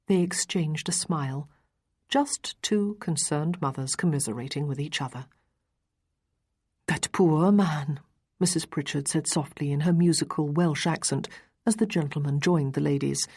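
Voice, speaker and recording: Low, husky woman narrating. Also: normal speed, darkish tone. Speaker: audiobook narrator. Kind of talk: scripted narration.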